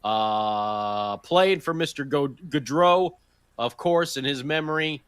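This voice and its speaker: A man hosting a sports podcast, giving an energetic, jokey game recap. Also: on the high side, slow, clear, resonant tone, no echo. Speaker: podcast host.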